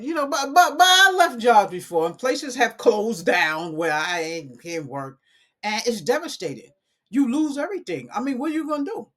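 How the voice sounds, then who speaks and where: Chatty woman live-streaming to viewers. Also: mid-range voice. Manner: chatty, animated, addresses viewers as y'all. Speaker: coding academy owner.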